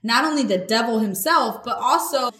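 A woman's voice: on the high side, expressive, moderate pace, a bit bright. A woman hosting a podcast, giving a casual, earnest faith talk in a conversational, slangy way. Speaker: podcast host. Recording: echoey room.

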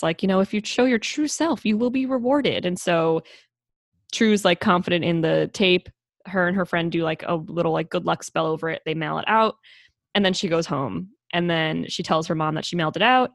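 Lower-voiced woman recapping with animated gusto. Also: dry recording. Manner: animated, acts out characters with big pitch jumps, swears casually. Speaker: podcast co-host. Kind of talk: casual chat recapping a film.

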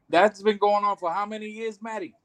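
A man's voice: sits high, fairly bright tone. A man chatting casually, laid-back and laughing often, using street slang. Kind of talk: casual banter.

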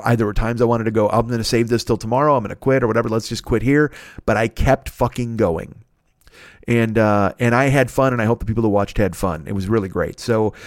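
A man in his forties hosting a podcast, rambling casually through plugs and shout-outs, profane and self-mocking. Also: medium pitch, no room sound, studio quality. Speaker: podcast host.

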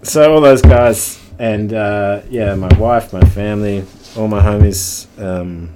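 Laid-back low-voiced New man. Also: slow pace, over music. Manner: laid-back, swears often, laughs through stories. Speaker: podcast guest. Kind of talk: casual chat. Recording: faint background noise.

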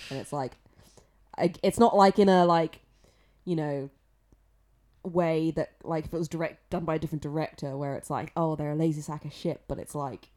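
A woman's voice: sits low, normal speed, long pauses, dark tone. A young woman co-hosting a podcast, giving blunt, opinionated takes on a film and swearing casually. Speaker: podcast co-host. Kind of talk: casual film review chat.

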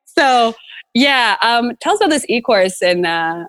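A woman's voice: medium pitch, sing-song, normal speed. A woman hosting a faith podcast, talking casually and emotionally with many fillers. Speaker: podcast host.

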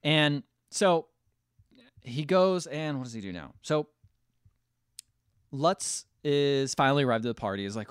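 A man's voice: mid-range voice, animated, clean tone, no room sound, studio quality. Casual man recapping a movie. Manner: retells scenes, acting out quotes in quick voices. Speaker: podcast co-host.

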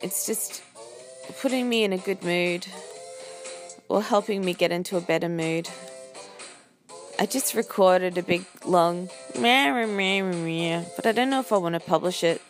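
A woman's voice: on the low side, normal speed, long pauses, faint music behind. A woman with an Australian accent hosting a podcast in a chatty, rambling, self-deprecating way. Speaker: podcast host. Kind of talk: casual chat.

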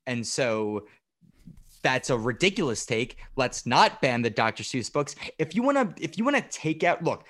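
A young man co-hosting a podcast, arguing his views in casual chat and getting animated, with the odd swear. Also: mid-range voice, normal speed. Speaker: podcast co-host.

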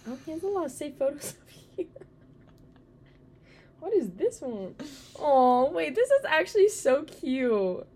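A chatty woman co-hosting a casual talk show, her voice lifting and dipping a great deal as she rambles on, slightly high-pitched, and she leans on "like" fillers. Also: very animated, a little slow, pauses often, darkish tone, slight background noise. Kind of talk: casual chat.

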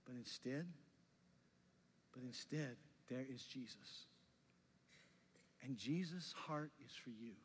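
A male pastor preaching a sermon with passion, rising loud and dropping soft. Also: mid-range voice, slow, pauses often, in a large hall, slight background noise.

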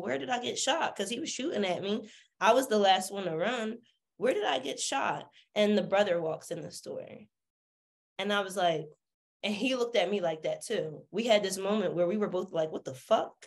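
Sassy, animated woman. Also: mid-range voice. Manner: sassy, animated, swears freely, acts out the people she quotes. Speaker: podcast guest. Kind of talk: candid storytelling.

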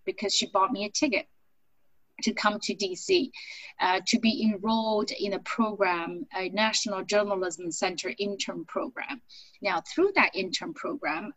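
A middle-aged woman from China, a native Chinese speaker and business owner, telling her life story in a chatty, animated interview. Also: medium pitch, slightly rough, no room sound, rough recording. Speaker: business owner and accent coach.

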